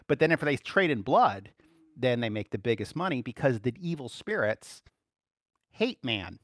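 A man's voice: medium pitch, dry recording, studio quality. A man preaching a casual, conversational sermon, chuckling now and then and acting out quoted voices.

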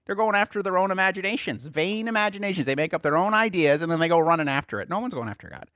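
A man's voice: high voice, lively intonation, quick pace, few pauses, fairly bright tone, no echo, studio quality. A male preacher teaching a sermon to a small group, asking rhetorical questions and chuckling often as he talks.

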